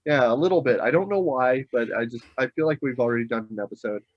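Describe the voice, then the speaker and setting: A man's voice: medium pitch, quick pace, dry recording. A man co-hosting a board game podcast in a casual, easygoing way, thinking aloud with frequent hesitations. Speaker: podcast co-host. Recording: dull lo-fi dry recording.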